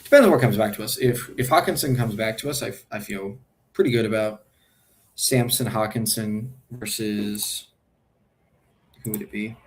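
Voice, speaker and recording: Man, lowish voice, casual streamer, thinking aloud, hesitant, self-correcting. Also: moderate pace, a little hiss or hum. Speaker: fantasy football streamer.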